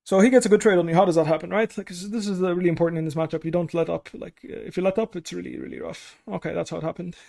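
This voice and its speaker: Fast-talking hoarse young man coaching. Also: high voice, steady tone, a little mellow. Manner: blunt, casual, heavy swearing. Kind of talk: livestreamed gameplay review coaching.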